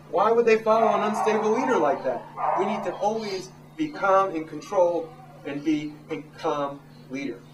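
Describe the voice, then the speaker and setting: A man in his thirties, a dog trainer, giving a casual, animated talk to a live audience. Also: on the high side. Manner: animated, acts out quotes in raised voices. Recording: echoey room from far off, noisy.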